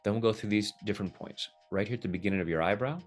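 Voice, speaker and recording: A low-pitched man teaches a simple tapping routine in an easygoing, humorous way. He drops into playful quoted voices now and then. Faint music sits behind him. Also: rapid-fire. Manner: relaxed, jokey, acts out little quoted voices. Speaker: tapping practitioner, guest. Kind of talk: casual teaching over video call.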